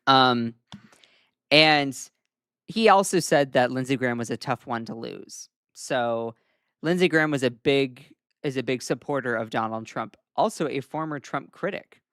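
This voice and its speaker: A Southern-accented man talks through the news on a livestream. His tone is casual and wry, and he often pauses on "um." His voice sits at a medium pitch and sounds close and dry, with no room echo. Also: fairly bright tone, clear, resonant tone. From Southern United States. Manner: casual, chatty, frequent "um" fillers, wry asides. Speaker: host.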